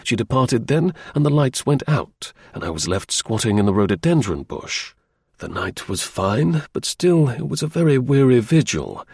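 A man voicing a brisk, dry-witted middle-aged detective in a crisp, measured and confident manner. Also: mid-range voice, sing-song, a little mellow, dry recording, exaggerated voice. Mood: recounting.

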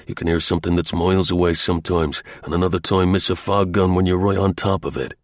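A man voicing a gruff, terse male boat skipper in a low, clipped, matter-of-fact way. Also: steady tone, fast, no echo, studio quality, lightly acted.

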